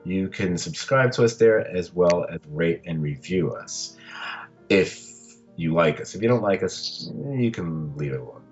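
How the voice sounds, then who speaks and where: Podcast host, male, deep and unhurried, loose and rambling, slightly muffled recording. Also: animated, soft background music. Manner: rambling, laid-back, with restarts. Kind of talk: casual podcast chat.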